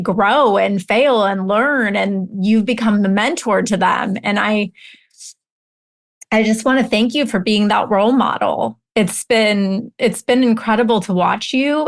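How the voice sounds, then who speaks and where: A middle-aged woman hosting a podcast, thinking aloud and affirming her guest in a reflective way. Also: fairly high pitch. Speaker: podcast host, business coach. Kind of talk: conversational interview.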